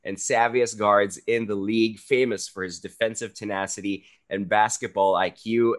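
A man's voice: fairly low pitch, moderate pace, few pauses, a bit bright. A man hosting a podcast, giving upbeat, hype-style introductions and chatting casually with his guest. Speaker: podcast host.

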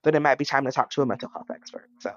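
A woman co-hosting a podcast in casual chat, talking haltingly with lots of fillers. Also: a bass voice, no echo, dull audio. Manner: halting, filler-heavy, quotes family in little voices. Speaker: podcast co-host.

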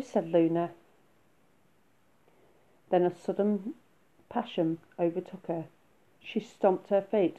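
Woman storyteller, soft storybook reading, lower voice, narrow phone-like sound. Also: fairly even intonation, measured pace. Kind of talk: storybook read-aloud.

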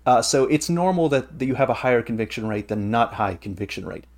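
A man's voice: mid-range voice, animated, brisk. A man hosting a casual podcast chat, explaining things at length in an eager, rambling way. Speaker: podcast host.

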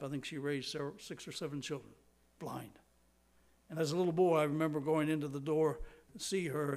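An older man delivering a sermon with a dramatic, varied cadence. His voice sits somewhat high for a man. He stretches out key phrases and sinks to a whisper for emphasis. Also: darkish tone. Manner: dramatic preaching, slows for emphasis, drops to a whisper. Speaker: preacher.

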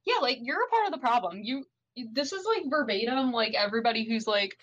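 A woman's voice: on the high side, animated, a little fast, fairly bright tone, poor audio. A young woman in a casual chat with friends, talking with many "like"s and frequent laughs. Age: young adult. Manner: chatty, laughs a lot, many "like"s.

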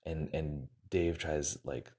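A man's voice: very deep voice, steady tone, takes it slowly, darkish tone. A man casually retelling a success story to motivate his listeners, acting out the quoted lines and using many fillers.

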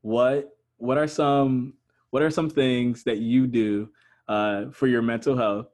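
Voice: medium pitch, fairly even intonation, slow pace, a little mellow. Chill podcast host, medium voice, sums stuff up and asks follow-ups. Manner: supportive, paraphrasing and asking follow-up questions. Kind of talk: casual podcast interview.

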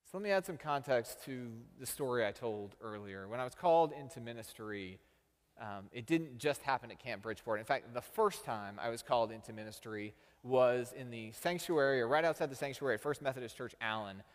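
Pastor preaching in a reverberant sanctuary. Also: male voice, mid-range voice, brisk. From Texas. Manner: storytelling with self-deprecating humor. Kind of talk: sermon.

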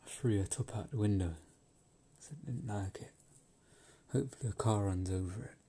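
A man's voice: lowish voice, normal speed, mellow, husky. A man ranting in a rambling, profane monologue, laughing often and repeating himself.

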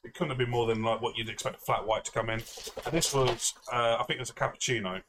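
A man's voice: medium pitch, fairly even intonation, fast talker, background noise. Rambling man telling a story. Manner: rambling, self-mocking, swears freely, laughs often. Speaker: podcast co-host. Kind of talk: casual storytelling chat.

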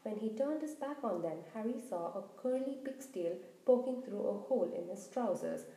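A woman reading a children's book aloud in an expressive, animated way. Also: medium pitch, normal speed, gravelly. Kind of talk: storybook narration. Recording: roomy echo.

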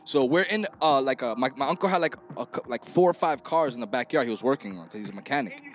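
A man hosting a casual podcast chat, telling loud, laughing stories and acting out the people in them. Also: medium pitch, quick pace. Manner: animated storyteller, laughing, acting out voices. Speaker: podcast host.

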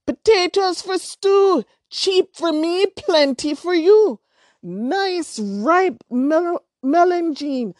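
A woman's voice: high-pitched, darkish tone, no room sound, studio quality, voice pushed up, heavily acted. A woman voicing a female market vendor who calls out her wares in a singsong chant.

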